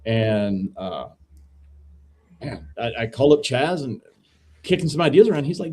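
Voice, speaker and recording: A man, a veteran and podcast co-host, casually telling a story as a guest in a relaxed, profane, dude-heavy way. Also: medium pitch, normal speed, pauses often, slightly rough. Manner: laid-back, profane, says dude a lot.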